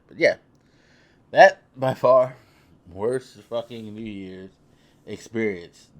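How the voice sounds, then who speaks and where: A man's voice: lowish voice, slow, pauses often. A young man vlogging, telling a story in a loose, profane, self-mocking way. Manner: loose, profane, laughing at himself. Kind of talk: casual storytelling.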